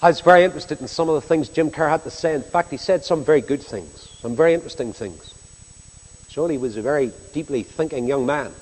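A man preaching a sermon, emphatic, swinging between loud and hushed delivery. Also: fairly high pitch, fast talker, long reverb tail, low-quality recording.

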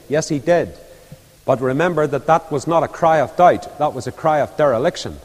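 A man's voice: on the high side, normal speed, a little mellow. A man preaching an impassioned evangelistic sermon, rising to fervent appeals. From Northern Ireland. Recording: echoey hall with long reverb.

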